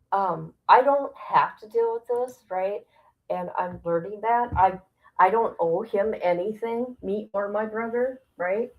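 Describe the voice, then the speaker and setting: A woman's voice: medium pitch, dull audio. A woman speaking casually on a livestream. She is blunt and profane, and she laughs often as she tells her viewers what has been bothering her. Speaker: streamer.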